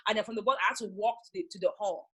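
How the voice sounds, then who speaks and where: Young woman, makeup artist, fast talker, bright slightly husky voice, animated storytelling. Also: mid-range voice. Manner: animated storyteller, acts out callers. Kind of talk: casual chat, storytelling.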